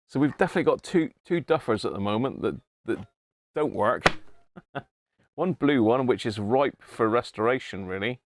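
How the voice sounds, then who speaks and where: Here a man with a mid-range, expressive voice talks at normal speed, with a bit of hiss or hum in the recording. He's a southern English host doing casual live-chat commentary while restoring vintage radios in his home workshop, frequently chuckling and addressing viewers by name as he checks out old radios at his workbench.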